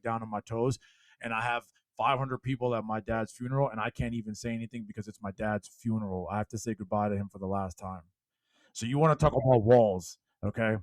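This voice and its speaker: A middle-aged man, a motivational speaker, telling his story as a podcast guest in an emphatic, preachy way that rises to loud exhortation. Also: mid-range voice, no echo, poor audio. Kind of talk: impassioned storytelling.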